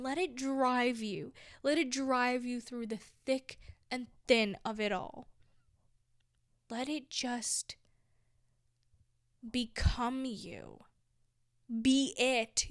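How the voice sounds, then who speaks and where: Earnest young woman, slow and heartfelt. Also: on the high side, no echo, studio quality. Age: 20s. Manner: earnest, emphatic, with soft whispered asides. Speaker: vlogger. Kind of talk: heartfelt motivational talk.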